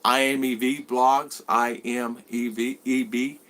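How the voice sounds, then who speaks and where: A man in his sixties with a bright, forward voice, chatting loosely on a live stream. He drifts from one thought to the next as he greets viewers by name and answers them. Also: mid-range voice, little pitch movement, takes it slowly. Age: 60s. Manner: rambling, greets viewers by name and reads their comments. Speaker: vlogger host. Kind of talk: casual live-stream chat.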